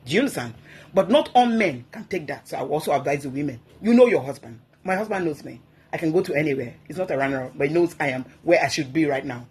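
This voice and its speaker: A woman speaks as a guest on a talk program. She exhorts her listeners in a forceful, preachy way and repeats key phrases to drive her points home. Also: sits low, expressive, fast talker, husky. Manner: emphatic, exhorting, repeats herself.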